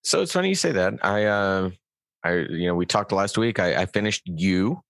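Man, low voice, lively podcast storytelling, stop-start phrasing, dry close mic. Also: moderate pace, vocal fry, no room sound. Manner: animated storyteller, hesitant restarts. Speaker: podcast co-host. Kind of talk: casual chat.

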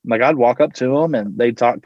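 A man's voice: mid-range voice, fairly quick, darkish tone, no room sound, muffled recording. A man from Louisville, a teacher and coach, telling a story as a podcast guest in a rambling way, with lots of fillers and casual swearing. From Louisville, Kentucky.

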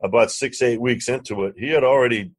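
Husky New man telling a story. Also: mid-range voice, a little fast. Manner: animated anecdote teller, acts out quoted dialogue, curses casually. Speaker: guest, real estate investor and lender. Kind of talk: storytelling in a podcast interview.

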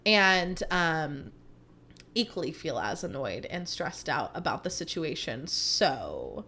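A woman's voice: on the low side, slow pace. A woman in her thirties hosting a podcast, chatting casually and animatedly, saying "like" a lot. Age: 30s. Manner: chatty, animated storytelling, heavy use of "like". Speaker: podcast host. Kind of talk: casual chat.

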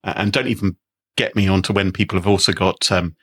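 A man's voice: deep voice, quick pace, fairly bright tone, husky. A man co-hosting a casual chat show, telling wry stories and laughing often. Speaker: podcast host.

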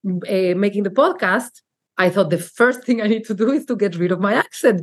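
A woman in her forties speaks with a Mexican Spanish accent in a candid interview. She is earnest and reflective, starts sentences over and fills gaps with "like" and "uh." Her pitch sits in a middling range for a woman. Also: a little fast, slightly rough. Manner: earnest, reflective, with frequent fillers and restarts. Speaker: marketing executive guest.

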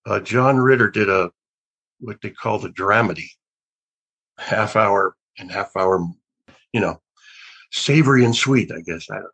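Gravelly older man telling rambling stories. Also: lowish voice, a little slow, long pauses, fairly bright tone, poor audio. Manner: rambling, with many restarts and trailing thoughts; wondering, reflective. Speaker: actor and guest. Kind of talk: casual interview storytelling.

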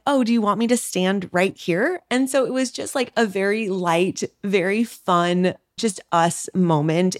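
Chatty woman podcast host, lowish voice. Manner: chatty and animated, laughing asides. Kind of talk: casual storytelling monologue.

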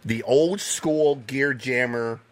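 A man, a podcast guest, telling animated stories in a casual chat, swearing now and then. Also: mid-range voice, takes it slowly. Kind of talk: casual storytelling.

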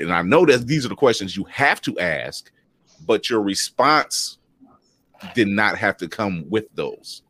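A man's voice: fairly low pitch, very animated, normal speed, a bit bright, breathy edge. A man in his thirties talking bluntly and emphatically on a panel discussion, swearing freely as he tells his own stories.

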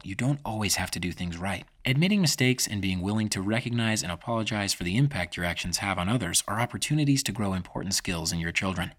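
A man reading scripted informational narration about parenting in a measured, even tone. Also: fairly low pitch.

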